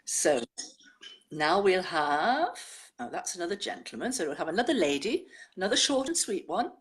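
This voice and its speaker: A woman presenting a show, chatting and reading listeners' poems aloud in a measured way. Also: fairly low pitch, very animated.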